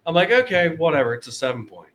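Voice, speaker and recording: A man co-hosting a casual podcast, telling a hunting story in an animated, profane way. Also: on the high side, quick pace, a crowd in the background. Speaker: podcast co-host.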